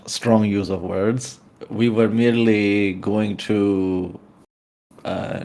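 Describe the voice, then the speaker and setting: A man's voice: medium pitch, a little mellow. A man voicing a grandiose, power-drunk male cultist in a tabletop game. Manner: pompous, boastful.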